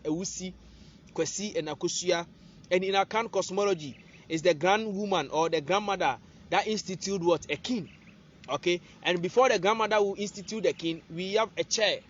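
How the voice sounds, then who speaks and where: A man's voice: high-pitched, lo-fi sound. A man gives an informal spiritual lesson, often asking "what?" and answering himself, recorded on a phone. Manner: rhetorical questions, prompting "what?". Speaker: spiritual teacher. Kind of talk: casual teaching monologue.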